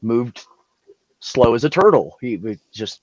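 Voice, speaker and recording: A man's voice: mid-range voice, unhurried, muffled recording. Profane man telling stories on a call. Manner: profane, animated anecdote-telling. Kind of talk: casual storytelling.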